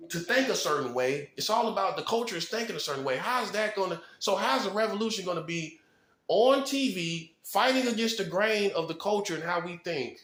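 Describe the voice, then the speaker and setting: A self-styled prophet giving a rhetorical preaching monologue in his apartment, firing questions at the listener, stamping points with a quick "boom" and chuckling at his own lines. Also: a bit bright. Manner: rhetorical, fast-talking, punctuates points with "boom". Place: apartment room. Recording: echoey room.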